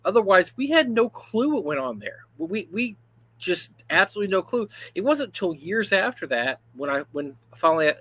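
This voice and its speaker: A man's voice: sits high, moderate pace. A man in his fifties co-hosting a casual gaming talk livestream, telling stories with lots of asides. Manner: animated storyteller, full of asides. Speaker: livestream co-host. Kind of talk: casual chat.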